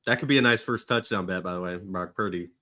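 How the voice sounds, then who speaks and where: A man's voice: deep voice, fast, bright, forceful tone. A man from Georgia co-hosting a casual sports betting podcast, joking and playful, never taking things seriously. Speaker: podcast co-host.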